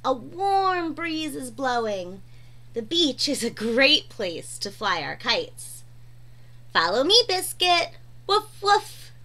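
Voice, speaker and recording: A woman reading a children's picture book aloud in a gentle, sing-song way, chatting to her dog between pages. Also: sits high, big pitch swings, takes it slowly. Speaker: storyteller.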